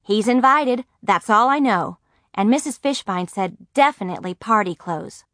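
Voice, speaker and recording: A woman reading a chatty schoolgirl friend who is quick and always in the know, talking in fast, newsy bursts. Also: medium pitch, animated, a bit bright, dry recording, studio quality, close to an everyday voice.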